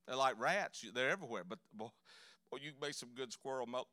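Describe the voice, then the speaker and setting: A man's voice: mid-range voice, quick pace, bright, forceful tone, no echo. A man preaching a sermon in a church, telling folksy, joking stories. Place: church sanctuary.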